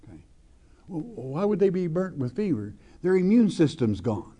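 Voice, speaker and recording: Guy preaching thru a bible chapter, mellow voice, reads verses slow then chats about them, asks you questions. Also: on the high side, very animated. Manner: reads scripture slowly with stress, then explains plainly; folksy, asks the listener questions. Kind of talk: verse-by-verse sermon.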